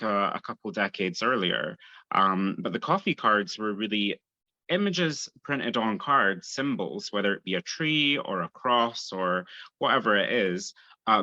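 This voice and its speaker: A man's voice: on the low side, bright, forceful tone, dry recording, muffled recording. A Scottish man chatting easily as a podcast guest. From Scotland. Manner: easygoing, chatty, laughs lightly. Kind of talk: casual interview chat.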